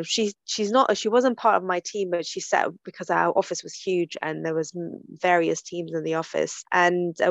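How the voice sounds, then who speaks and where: A woman's voice: lowish voice, creaky, no room sound. Earnest woman on a dull video call. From Germany. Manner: earnest, many restarts and repeated words. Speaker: panel guest. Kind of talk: casual group discussion.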